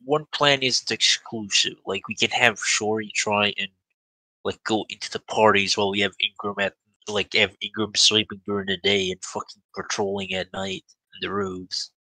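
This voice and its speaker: A man's voice: fairly low pitch, steady tone, normal speed, pushed and bright, dry recording, rough recording. A young man chatting casually as a tabletop game player, rambling with restarts and swearing. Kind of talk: casual chat between players.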